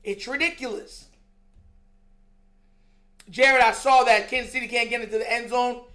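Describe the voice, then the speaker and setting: A sports show host in an animated, exasperated rant, slangy and mocking, laughing between points. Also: mid-range voice, normal speed. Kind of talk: heated sports talk rant.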